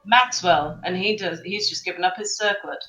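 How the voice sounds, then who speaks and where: A woman with a somewhat low voice speaks plainly and matter-of-factly, asking practical questions about the game. She talks through a headset on a call, with faint music in the background. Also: normal speed, sharp tone. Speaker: player in a tabletop game. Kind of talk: casual game chat.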